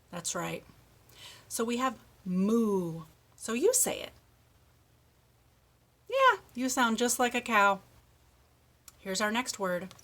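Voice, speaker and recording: A middle-aged woman leading a speech lesson for young children, modeling words slowly with exaggerated endings and steady encouragement. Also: medium pitch. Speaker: speech therapist.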